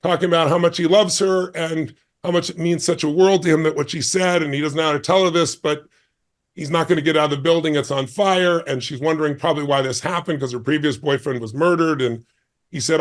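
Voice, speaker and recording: A man's voice: on the high side, steady tone, fast talker. A man in his sixties, a guest on an interview show, telling a story with intense emphasis and acting out the dialogue. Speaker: guest speaker.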